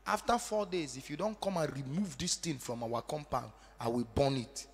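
A defiant young village girl speaking low and firm, as a preacher quotes her. The words come quietly and steadily in the long reverb of a church hall. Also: normal speed, husky.

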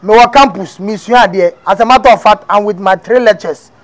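Man playing a lying young Ghanaian braggart, high-pitched, boastful and pleading, comic cartoon dub. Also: fairly quick, lightly acted.

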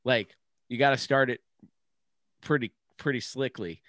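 A man's voice: mid-range voice, unhurried, fairly bright tone, no echo. A man with a mid-range voice chats casually on a comedy podcast, recorded dry and close. He talks in a laid-back way and swears freely while he spins crude jokes. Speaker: podcast co-host.

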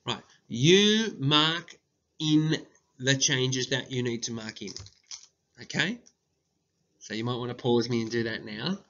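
A man, a primary school teacher giving a slow, deliberate dictation lesson and calling out the punctuation. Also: mid-range voice, animated, fairly bright tone. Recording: dull lo-fi recording.

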